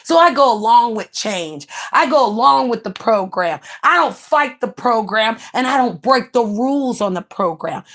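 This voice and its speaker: A woman's voice: high-pitched, a bit bright. A woman from the United States, livestreaming in blunt, brash and mocking casual chat.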